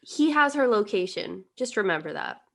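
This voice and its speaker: A woman's voice: mid-range voice, animated, vocal fry. Joking young woman chiming in. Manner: quick joking asides, laughs often. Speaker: podcast co-host. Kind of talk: casual chat.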